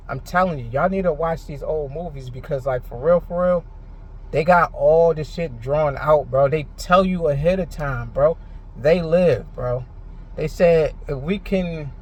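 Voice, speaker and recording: A frustrated man ranting in a rambling, heated monologue, full of filler words and swearing. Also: on the high side. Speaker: vlogger. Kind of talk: unscripted monologue to camera.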